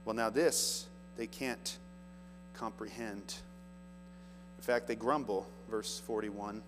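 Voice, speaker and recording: A man's voice: lowish voice, steady tone, takes it slowly. Man preaching in a reverberant church. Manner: earnest preaching, reads scripture aloud with rising emphasis. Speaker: pastor. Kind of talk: sermon. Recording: long hall reverb, faint music and mains hum.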